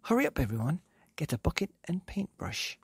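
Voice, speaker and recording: A man's voice: on the high side, sing-song, a little fast, creaky, slightly rough, no room sound, pitched above the performer's own voice, full character voice. A man putting on an eager, commanding father monkey. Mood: urgent. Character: clever excited father monkey.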